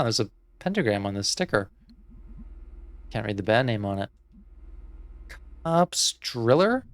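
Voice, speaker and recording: A therapist playing a video game, giving casual let's-play commentary in a playful, musing way and laughing often. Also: male voice, on the low side.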